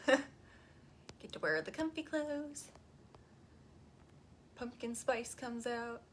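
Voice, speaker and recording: A woman's voice: on the high side, animated, very slow, a little hiss or hum. A woman co-hosting a live online show, making bubbly small talk and laughing easily. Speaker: co-host. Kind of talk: casual chat on a live stream.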